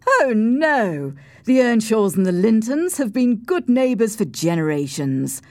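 A woman voicing a polite, discreet gentleman neighbour in a storybook reading, softening to a hush for private matters. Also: fairly high pitch, sing-song, measured pace, no room sound, clean studio sound, voice pushed up. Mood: courteous. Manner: polite, drops to a hushed whisper.

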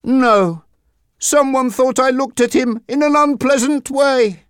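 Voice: high voice, takes it slowly, fairly bright tone, smooth, no room sound, clean studio sound, pitched above the performer's own voice. A narrator voicing a charming young motocross rider in a storybook reading.

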